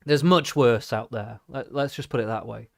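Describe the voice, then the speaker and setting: A man's voice: mid-range voice, moderate pace, vocal fry, no room sound, studio quality. A man ranting and cursing through a live reaction stream, mocking what he watches.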